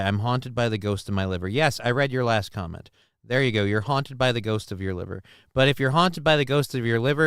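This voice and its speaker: A man's voice: mid-range voice, a bit bright, smooth, no room sound, studio quality. A man hosting a live talk stream, reacting to clips and reading out chat comments in a loose, profane way. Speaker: livestream talk show host.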